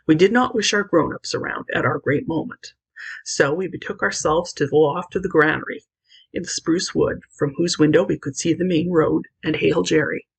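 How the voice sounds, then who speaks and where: A woman reading a classic children's novel aloud in an expressive, lively narration. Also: sits low, normal speed, gravelly, husky, poor audio. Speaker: audiobook reader. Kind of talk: scripted storybook narration.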